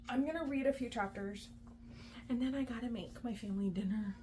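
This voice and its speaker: A woman's voice: fairly high pitch, fairly quick, background noise. A young adult woman, a mom and book vlogger, chatting casually with lots of likes and ums. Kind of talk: casual vlog chat.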